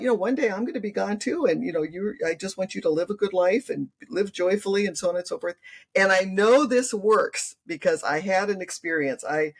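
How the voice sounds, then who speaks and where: An older woman, a grandmother, talking earnestly as an interview guest and acting out what her family says. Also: mid-range voice. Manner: earnest, acts out family quotes. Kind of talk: conversational interview.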